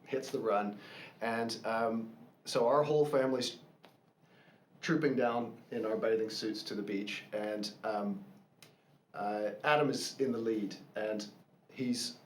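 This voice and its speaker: A man telling a family story in a casual chat, thoughtful and halting, with many pauses and fillers. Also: lowish voice, fairly even intonation. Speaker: co-host sharing family stories. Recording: echoey room with faint hiss.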